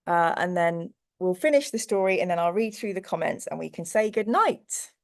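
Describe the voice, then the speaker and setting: A woman hosting a book livestream with a stuffy nose, chatting casually and laughing easily, then reading a bedtime story in a soft, cozy voice. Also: lowish voice, lively intonation, moderate pace. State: stuffy nose from hay fever. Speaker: book channel host.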